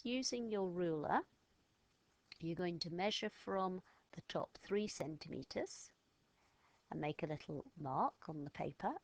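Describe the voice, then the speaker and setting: A woman's voice: fairly low pitch, gravelly, no echo. A woman teaching a step-by-step lesson to children, patient and encouraging as she gives instructions. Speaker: French teacher.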